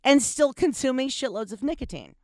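Lively candid woman podcast host. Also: high-pitched, brisk, no room sound, clean studio sound. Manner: candid, laughing, swears freely. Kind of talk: casual chat.

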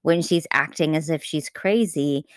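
A woman co-hosting a podcast, chatting casually about a film, animated and laughing often, with frequent restarts. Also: sits low, normal speed, no echo, clean studio sound. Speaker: podcast co-host. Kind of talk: casual film review chat.

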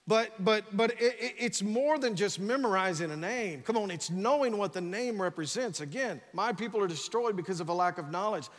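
A pastor preaching, his voice notably high for a man, with a long echo from a large church sanctuary. He talks with energy, keeps urging the crowd on and stumbles over repeated words as he pushes ahead. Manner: energetic preaching with frequent "come on" and repeated restarts. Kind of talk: sermon.

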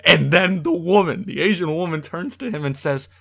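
A man in casual conversation, reviewing a movie with exasperated, animated delivery and acted-out quotes. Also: fairly high pitch, normal speed, vocal fry.

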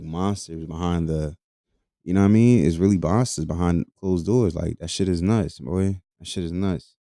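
A man's voice: low-pitched, dark tone, no room sound, studio quality. A young man hosting a casual podcast, talking loosely with lots of profanity and laughing between lines. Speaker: podcast host. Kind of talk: casual solo podcast commentary.

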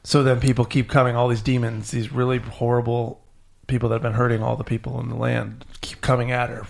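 A man hosting a podcast, retelling a myth to a child in an animated, storytelling way. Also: mid-range voice, brisk, vocal fry. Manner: animated storyteller, acting out characters. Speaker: podcast host.

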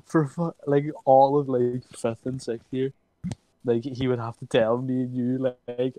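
This is a young man reminiscing with his mates in a loose, casual chat. He rambles through stories with constant "like" fillers and keeps cracking up into high-pitched laughter. His voice sits at an ordinary middle pitch for a man. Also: normal speed, no room sound, low-quality recording. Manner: animated storytelling, many "like" fillers, breaks into high laughter. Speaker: friend reminiscing.

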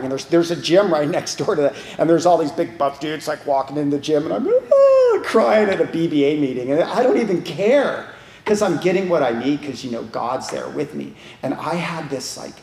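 A man's voice: medium pitch, darkish tone, echoey room, slight background noise. A man giving a candid, rambling, emotional personal share at a support group meeting, often restarting his sentences. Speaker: recovery meeting speaker. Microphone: online video call.

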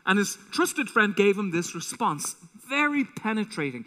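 A man preaching a sermon as pastor, animated and acting out quotes with a rising voice, in a church auditorium. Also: high voice, normal speed, hardly any pauses. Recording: long hall reverb.

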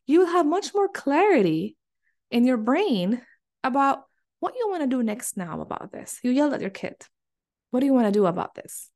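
A woman hosting a solo podcast, talking earnestly and encouragingly to parents, often repeating phrases for emphasis. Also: fairly high pitch. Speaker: podcast host. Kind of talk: solo podcast coaching talk.

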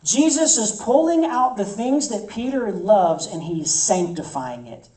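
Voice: medium pitch, lively intonation, unhurried, warm tone, echoey room, recorded from a distance, poor audio. A campus ministry preacher delivering an emphatic sermon, repeating phrases for effect.

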